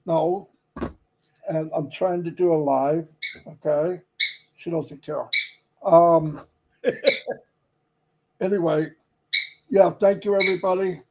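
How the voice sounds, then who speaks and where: A man's voice: a little high, fairly even intonation, slow pace, long pauses, rough recording. A man chatting casually on a livestream, easygoing and rambling, with fillers and side remarks. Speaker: company leader on a livestream.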